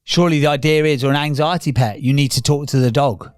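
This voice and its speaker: A man's voice: on the high side, quick pace, no echo. A man, co-hosting a podcast with playful jokes and banter. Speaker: podcast co-host. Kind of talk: casual chat.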